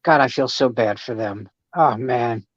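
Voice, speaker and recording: A man's voice: medium pitch, measured pace, no room sound. A man, a guest comedian, telling jokes and stories in a wisecracking way on a casual podcast. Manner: wisecracking storyteller. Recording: dry, dull lo-fi sound.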